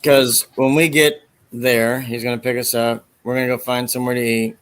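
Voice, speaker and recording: A man's voice: mid-range voice, level tone, normal speed, fairly bright tone. A man hosting a casual chat, rambling as he retells movie scenes and acts out the quoted lines.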